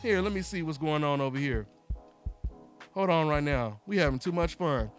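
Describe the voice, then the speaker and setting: A man hosting a solo live call-in boxing talk show, animated and taunting, calling out listeners over and over. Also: on the high side, moderate pace, soft background music. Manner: animated, taunting, repeats himself.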